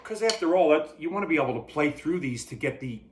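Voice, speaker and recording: A man teaching drum hand technique in a relaxed, repetitive way, demonstrating as he talks. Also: a little high, quick pace, very noisy. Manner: relaxed, repeats himself, talks while playing. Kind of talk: casual demonstration lesson. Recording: loud drumming behind the voice. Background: drum kit playing.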